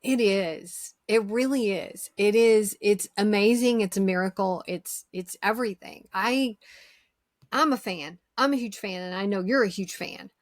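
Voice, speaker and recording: This podcast host speaks at a measured pace in a medium-pitched voice, interviewing her guest casually and with enthusiasm. She is agreeable and tends to repeat her words. The studio sound is clean with no echo.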